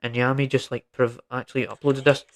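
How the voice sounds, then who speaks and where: A young man running a solo podcast in a loose, rambling way. He talks emphatically and informally, piling on fillers and checking in with "right?" as he goes. His voice sits at an ordinary middle pitch for a man. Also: flat delivery, brisk. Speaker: podcast host.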